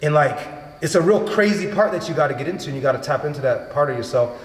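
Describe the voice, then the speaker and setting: Man, fast talker, slightly high voice, animated storyteller, roomy echo. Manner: animated storytelling, swearing, acting out quotes. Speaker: podcast host. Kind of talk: casual chat. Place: home gym. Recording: echoey room with long reverb.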